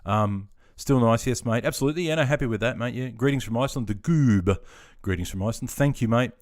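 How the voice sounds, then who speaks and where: A man's voice: medium pitch, quick pace, a little mellow. An Australian man in his fifties chatting casually on a live stream, reading out viewer comments and laughing easily. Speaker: live streamer, army veteran.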